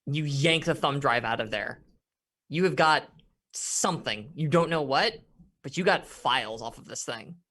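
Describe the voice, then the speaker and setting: A man's voice: medium pitch, animated, moderate pace, sharp tone. A man narrating as game master of a tabletop game, rambling with many fillers and frequent laughs.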